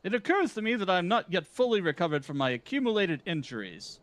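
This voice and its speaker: A man voicing a pompous, theatrical gentleman inspector in a game, with grandiose, flowery delivery. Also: high voice, very animated, quick pace, dry recording, voice pushed up.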